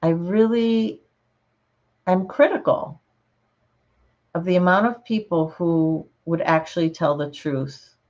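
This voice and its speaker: A woman with a low, unhurried voice talks casually with her viewers, relaxed and chatty and often laughing. The sound is a little dull and lo-fi, as if it came through a home computer mic. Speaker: channel host. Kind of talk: casual livestream chat reading comments.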